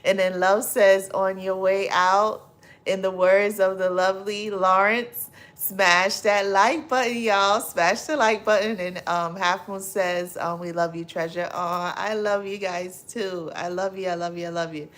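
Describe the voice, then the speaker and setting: A middle-aged woman hosting a casual livestream, reading viewer comments aloud, effusive and quick to laugh. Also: medium pitch, steady tone. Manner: warm, effusive, laughs often and loudly. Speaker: livestream host.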